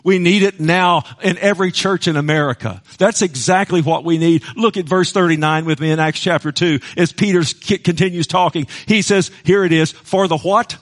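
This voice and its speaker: Middle-aged man, preaching a sermon, fervent, swings soft to loud, higher voice. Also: normal speed, hardly any pauses. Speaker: pastor.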